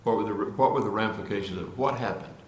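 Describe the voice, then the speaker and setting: A man's voice: on the low side, quick pace. A man preaching a sermon with earnest emphasis, often repeating and restarting phrases before building to emphatic points. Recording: echoey room.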